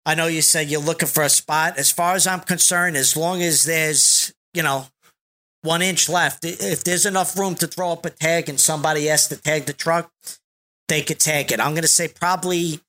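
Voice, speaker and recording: A man's voice: on the high side, fairly even intonation, moderate pace, bright, forceful tone. A man speaking as a podcast guest in a casual, easygoing chat.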